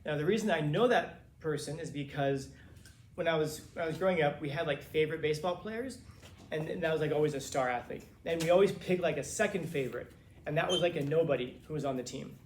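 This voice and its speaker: A man who teaches, from Los Angeles, telling his students a long story in a casual, animated way, quoting the people in it. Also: a little high, fast talker, echoey room, a little hiss or hum. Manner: casual, animated retelling with quoted dialogue. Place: classroom.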